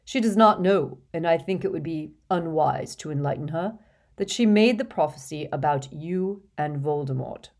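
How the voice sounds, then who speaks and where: A woman voicing an old, wise male headmaster who speaks slowly, gently and patiently. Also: sits low. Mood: calm weary. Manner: slow, measured and gentle.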